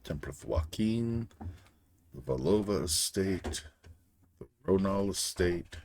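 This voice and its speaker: A man's voice: low-pitched, slow pace, creaky, darkish tone, slight background noise. A man streaming a computer game, chatting casually and thinking aloud.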